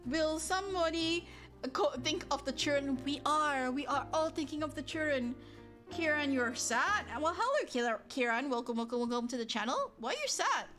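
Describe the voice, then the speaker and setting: Woman streamer, high and bright voice, animated rambling chat with frequent laughs and restarts, soft music underneath. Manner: animated, rambling, frequent self-interruptions and exclamations; laughs often mid-sentence. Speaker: livestream host. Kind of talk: casual chat with viewers. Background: soft background music.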